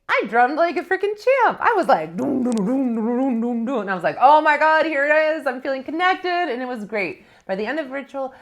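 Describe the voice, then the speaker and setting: A young woman hosts a spiritual podcast and tells a personal story in a loose, chatty way. Her pitch swings widely as she laughs and acts out what she said at the time. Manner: animated, laughing, acts out her own quotes. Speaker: podcast host. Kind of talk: casual storytelling.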